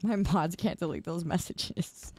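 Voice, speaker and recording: A woman's slightly rough, slightly mellow voice sits on the low side and moves a little slowly, in a dry recording. She's streaming a game after staying up too long, chatting casually and laughing in exasperation with viewers on a close desk mic.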